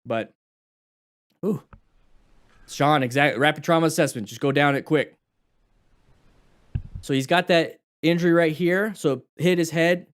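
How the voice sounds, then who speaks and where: A man teaching motorcycle safety, commenting on a crash video in a lively way and asking questions. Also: fairly high pitch, measured pace, long pauses, smooth. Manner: animated, acts out rider dialogue and questions.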